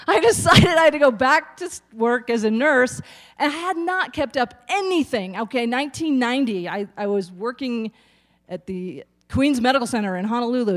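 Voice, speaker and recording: Chatty woman in her sixties doing stand-up. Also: on the high side. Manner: chatty, self-deprecating, talks to the audience. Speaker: stand-up comic and nurse. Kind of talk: stand-up comedy.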